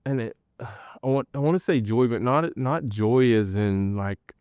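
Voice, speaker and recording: Man, personal testimony, halting and earnest, smooth resonant voice, dry close sound. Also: mid-range voice, darkish tone, no echo. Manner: halting, earnest storytelling with many pauses and restarts. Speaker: guest sharing a personal testimony. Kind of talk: personal faith testimony, told in an interview.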